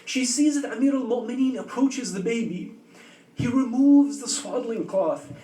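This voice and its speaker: A man delivers a sermon in a very high voice, telling the story with feeling and asking the listeners questions. The sound is roomy and picked up from a distance, with a faint hum of the hall behind him. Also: normal speed, dark tone. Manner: emotive storytelling with rhetorical questions. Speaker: preacher. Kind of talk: sermon narration. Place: community religious center hall.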